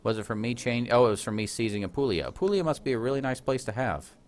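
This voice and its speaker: This man hosts a let's play, chatting fast in a medium-pitched voice with lively intonation as he plays a strategy game. He's self-deprecating, frequently joking about himself and laughing at his own expense.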